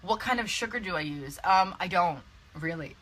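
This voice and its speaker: A woman's voice: lowish voice, lively intonation, normal speed, a bit bright, a little hiss or hum, low-quality recording. A young woman hosting a casual live video, chatty and laughing often with lots of fillers and restarts. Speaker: network marketing coach hosting a live video. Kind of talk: casual live-stream chat. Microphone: phone or webcam on a live video.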